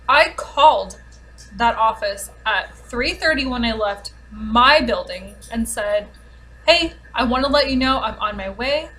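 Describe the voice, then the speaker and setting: A woman telling a frustrating everyday story in a casual vlog, exasperated and sarcastic, talking fast in bursts. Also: a little high, fairly bright tone, low-quality recording. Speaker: vlogger. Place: home, with a dog nearby.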